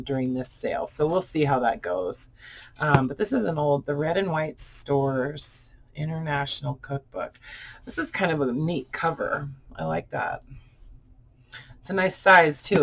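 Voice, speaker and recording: A vlogger chatting casually while unboxing old books, rambling and full of fillers. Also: mid-range voice. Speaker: vlogger showing book finds.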